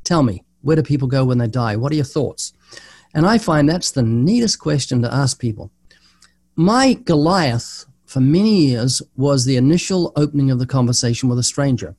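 A man's voice: medium pitch, normal speed, no echo. An older man, a guest evangelist, answering interview questions and telling stories in which he acts out the dialogue. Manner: animated storyteller acting out dialogue.

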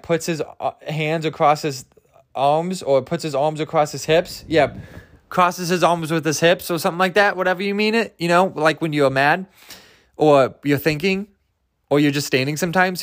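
A man talks on his own in a loose, rambling podcast monologue. His voice sits a bit higher than most men's. He swears freely, jokes at his own expense and keeps restarting his sentences. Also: normal speed, a bit bright. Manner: loose, profane, jokey, with many fillers and restarts. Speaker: podcast host.

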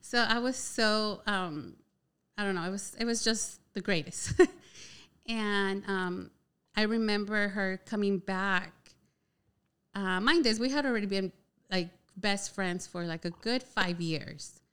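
A young woman casually telling a personal story, chatty and animated, with a lot of "like" filler. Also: medium pitch, slow pace, clean tone. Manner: chatty, heavy use of "like" filler, animated retelling.

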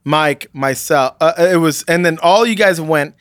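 A man's voice: on the high side, measured pace, a bit bright, clean tone, no echo, clean studio sound. Rambling man telling a story. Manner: rambling storytelling with many fillers and restarts. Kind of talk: casual chat, anecdote.

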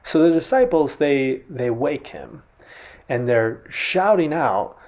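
A man's voice: medium pitch, very animated, slow, a little mellow. A man preaching a sermon in a conversational way, often restarting and retelling a scene vividly. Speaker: pastor.

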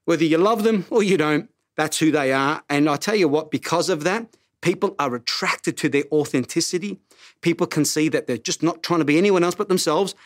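High-voiced middle-aged male pastor preaching. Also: brisk, dry recording, studio quality. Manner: animated, self-mocking, repeats words. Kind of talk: sermon.

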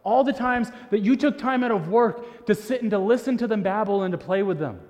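A man preaching a sermon as pastor, earnest and often repeating words as he restarts, sometimes dropping to a soft hushed voice. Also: sits high, fairly quick. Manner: drops to a soft, hushed voice for emphasis. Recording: long reverb of a large hall.

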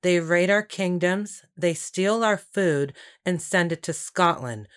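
A woman voicing a hoarse old beggar prophetess. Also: unhurried, fairly bright tone. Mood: grave. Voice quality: low, hoarse.

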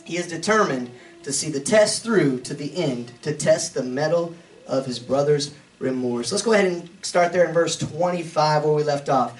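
Guy pastor w a high voice doing bible study, chatty side notes, kinda far from the mic. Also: normal speed. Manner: conversational, chuckling asides between readings. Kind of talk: verse-by-verse Bible teaching.

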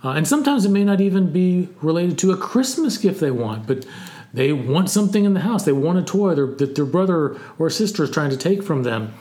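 A man co-hosting a Christian parenting podcast, giving gentle, practical encouragement to parents. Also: fairly high pitch, expressive, brisk. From United States. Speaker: co-host. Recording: roomy echo.

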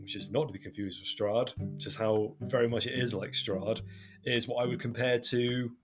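A man's voice: mid-range voice, steady tone, moderate pace, music in the background. A man with a broad Devon accent, chatting casually on a podcast as a game master, rambling and laughing at himself. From Devon, England. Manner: rambling, self-deprecating, laughs often. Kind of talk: casual chat.

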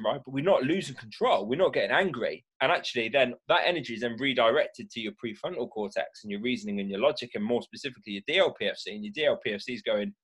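A man talking as a mindfulness speaker, explaining the brain's stress response in a lively way and acting out reactions with gasps. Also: medium pitch, husky. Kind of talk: animated explanatory talk.

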